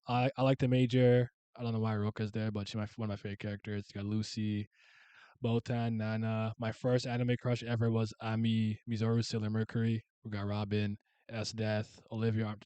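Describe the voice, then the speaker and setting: A young man talks through a list in loose, unscripted commentary, swearing freely and sometimes bursting into loud shouts. His voice is smooth and clear at a middling pitch. The sound is dry, with no room echo. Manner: rambling, profane, with sudden loud shouts. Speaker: streamer ranking favorite comic and anime characters.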